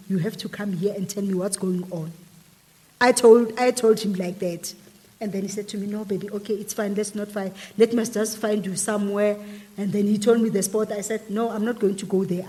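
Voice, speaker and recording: A woman's voice: mid-range voice, mellow, big-room sound. A woman guest animatedly retelling a personal story in an interview, acting out the dialogue. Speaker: guest telling her story.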